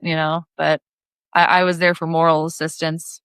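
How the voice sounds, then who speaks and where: A woman's voice: on the low side, normal speed, clean tone, no room sound, studio quality. A woman in her thirties from the Midwest, a singer, tells stories as a podcast guest, laughing often and acting out the voices she quotes. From Lake of the Ozarks, Missouri. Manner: giggly, animated storyteller who acts out quoted voices. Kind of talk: casual storytelling interview.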